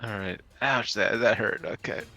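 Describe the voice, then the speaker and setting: A man's voice: fairly low pitch, normal speed, pushed and bright, no room sound. A man playing a tabletop game, joking and bantering with the table. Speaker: player. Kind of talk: casual tabletop game play.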